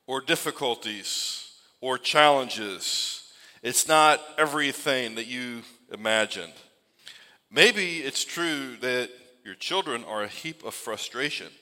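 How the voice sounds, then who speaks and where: Bright-voiced preacher in a reverberant hall. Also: male voice, mid-range voice. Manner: conversational preaching with varied emphasis. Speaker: pastor. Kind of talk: sermon. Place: church sanctuary.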